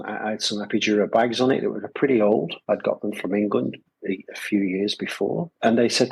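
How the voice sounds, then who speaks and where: Gravelly man chatting loosely. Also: lowish voice, fast talker, few pauses, darkish tone, rough recording. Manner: rambling, lots of fillers and repeated phrases. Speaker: podcast guest, gravel shop owner. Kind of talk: casual conversational storytelling. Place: Adelaide Hills, South Australia.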